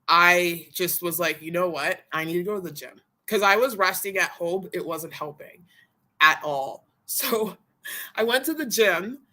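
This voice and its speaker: A woman's voice: lowish voice, pushed and bright. A young adult woman chatting casually on a live stream, rambling and candid, still a bit out of breath. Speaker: vlogger.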